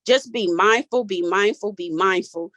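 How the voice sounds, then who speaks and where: During a group talk, a guest in her forties tells her story openly and casually, her speech carrying a Southern flavor. Her mid-range voice is a bit bright and moderately paced, cracking with emotion as she holds back tears. There's no room sound.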